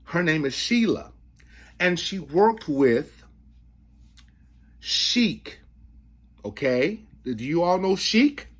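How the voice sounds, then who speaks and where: A man hosting a casual vinyl show-and-tell, chatty and excitable, talking straight to his viewers and prone to bursting into falsetto. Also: drawn-out words, pauses often. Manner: excitable, breaks into falsetto singing; chatty, addresses viewers directly. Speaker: record collector host.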